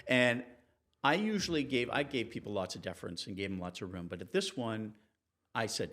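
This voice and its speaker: A man, a TV reporter and interview guest, telling anecdotes in a relaxed, animated way and acting out the people he quotes. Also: a little fast. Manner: animated, acts out quoted people with raised pitch. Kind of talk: conversational storytelling in an interview.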